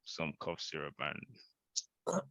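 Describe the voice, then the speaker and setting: A man's voice: rumbling low, wildly swooping pitch, drawn-out words, bright, forceful tone, no room sound. A man co-hosting a podcast, dropping wry remarks in casual chat. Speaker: podcast co-host.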